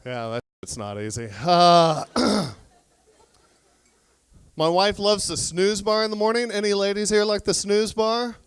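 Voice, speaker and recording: A man doing a stand-up comedy set on a club stage, telling deadpan stories and acting out both sides of conversations. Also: high voice, a little slow, smooth, no room sound.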